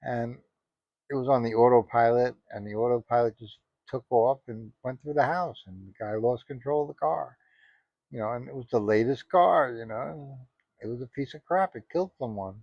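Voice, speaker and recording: A man's voice: medium pitch, moderate pace, creaky, no echo. Indignant rambling man, dull dry audio. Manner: rambling, indignant, peppered with "you know". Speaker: commentator. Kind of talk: casual spoken commentary.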